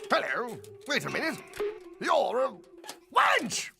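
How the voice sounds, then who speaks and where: Pompous cartoon knight, gravelly and swoopy, music behind. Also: male voice, very high voice, wildly swooping pitch, takes it slowly, full character voice. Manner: pompous, declaiming. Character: pompous medieval male knight.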